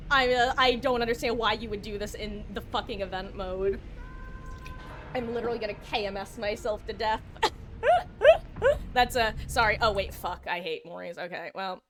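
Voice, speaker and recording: A woman streaming a game live, pleading and exasperated, swinging between loud outbursts and low muttering. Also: steady tone, fairly quick, noisy background.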